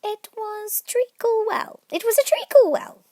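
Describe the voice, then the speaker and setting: A woman voicing a sleepy, sulky little male dormouse with a hoarse, feeble, high voice. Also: a little slow, dark tone, dry recording. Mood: drowsy sulky.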